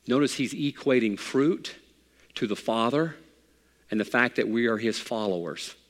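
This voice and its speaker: A pastor preaching a sermon in a conversational, folksy way with bits of humor. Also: male voice, medium pitch, moderate pace, in a large hall.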